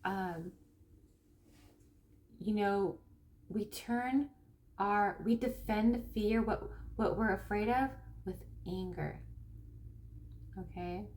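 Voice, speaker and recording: Speaking at medium pitch with a slightly mellow tone, this Northern California tarot reader and spiritual coach talks casually to the camera. Her rambling delivery includes restarts and acted-out quotes, and she slows to emphasize key ideas.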